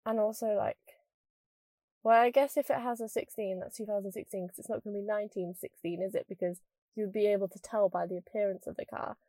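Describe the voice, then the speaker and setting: A young woman from northern England with a mild northern accent, hosting a podcast as a casual chatty monologue and rambling quickly with lots of "like". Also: mid-range voice, fairly even intonation, dark tone, dry recording. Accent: mild northern English. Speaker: podcast host.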